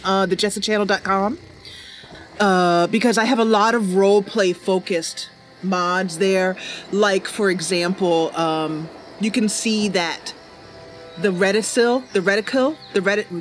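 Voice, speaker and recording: A woman chatting casually on a gameplay livestream, rambling with lots of fillers and answering chat messages. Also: medium pitch. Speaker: streamer.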